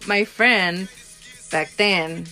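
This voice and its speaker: A young woman tells a story on a podcast, frank and animated, with swearing. Her pitch sits in the middle for a woman. Faint music runs under her voice. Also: drawn-out words. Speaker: podcast co-host. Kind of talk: casual chat.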